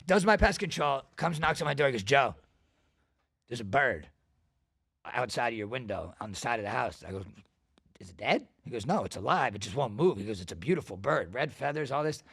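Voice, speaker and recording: A man hosting a podcast, telling stories in casual chat, profane and animated. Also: medium pitch, brisk, gravelly, breathy edge, dry recording, clean studio sound. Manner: profane, animated storyteller with bursts of loud laughter. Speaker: podcast host.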